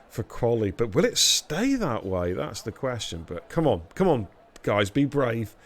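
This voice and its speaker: A man's voice: mid-range voice, animated, normal speed, few pauses. A man hosting a racing league live stream, bantering and teasing the drivers in casual commentary. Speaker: race league host.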